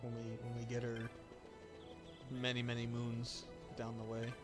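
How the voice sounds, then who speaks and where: A young man co-hosting a game stream, chatting in a jokey, excitable way. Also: medium pitch, unhurried. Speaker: streamer co-host. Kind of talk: casual chat while gaming. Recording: stream with game music playing.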